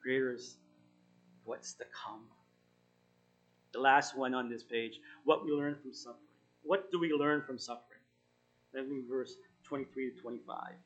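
A man giving an informal sermon, reading scripture and encouraging his listeners in an earnest, halting way with frequent self-corrections. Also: mid-range voice, fairly even intonation, lo-fi sound. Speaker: Bible study teacher.

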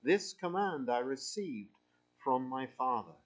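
A man's voice: mid-range voice, lively intonation, unhurried. A man preaching a sermon, lightly humorous in asides and emphatic when reading scripture aloud.

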